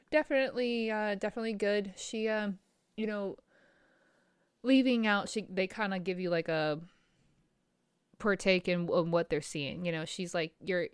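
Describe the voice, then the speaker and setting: A woman's voice: on the low side, smooth, no echo, clean studio sound. A middle-aged woman speaking candidly and emotionally in a personal vlog, rambling with fillers and laughs. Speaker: small business owner.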